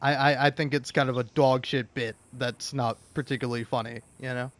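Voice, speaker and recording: A young man with a medium-pitched voice talks briskly, with no room sound, as he plays a game. He reads out comments and rants about them in a profane, animated, rambling way, often restarting.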